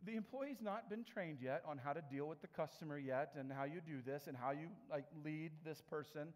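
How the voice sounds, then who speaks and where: Man, lively anecdotal talk, slightly high, reverberant hall. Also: normal speed. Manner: animated, laughing asides, lively impressions. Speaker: speaker. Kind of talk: storytelling talk.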